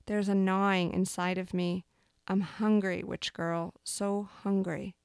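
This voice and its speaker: Woman reading a hungry lonely male bear, insistent, growly, smooth clear voice, dry sound. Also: mid-range voice, flat delivery, slow, dry recording. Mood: pleading, accusing.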